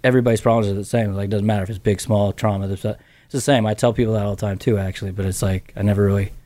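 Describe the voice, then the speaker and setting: A man's voice: on the low side, steady tone, racing, warm tone, no room sound. A middle-aged man as a podcast guest, rambling with many restarts and casual swearing as he tells his story. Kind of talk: casual interview chat.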